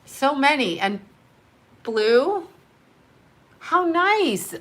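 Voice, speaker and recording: A middle-aged woman chatting live on stream with a bright, forceful voice, set a little high for a woman. She gushes and laughs often, audibly breathing heavily between bursts of excitement. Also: extremely slow. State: heavy breathing. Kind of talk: casual live-stream chat.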